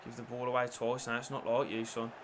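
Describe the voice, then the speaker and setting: A man commentating on his own football video game play, shifting between low muttering and shouted excitement. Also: fast talker, noisy background. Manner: lively, swings from low mutters to shouted celebrations. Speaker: gaming YouTuber.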